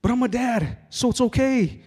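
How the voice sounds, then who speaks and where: A man's voice: extremely high pitch, moderate pace, a little mellow, slightly rough, long reverb tail. A man in his forties doing a loose stand-up set at an open mic, rambling and swearing freely. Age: 40s. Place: hall at a sober open mic night.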